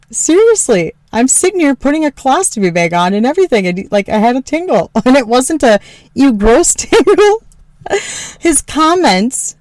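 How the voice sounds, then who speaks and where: A woman podcast host telling a candid personal story, frank and joking, swearing freely and laughing often. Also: no room sound. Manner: mimics her husband in a lower voice.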